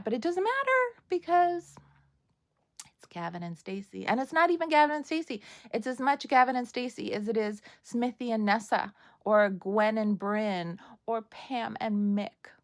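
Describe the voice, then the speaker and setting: A woman's voice: on the high side, sing-song, normal speed. An American woman talking casually to camera as a vlogger reviewing TV, chatty and gushing, with many fillers. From United States.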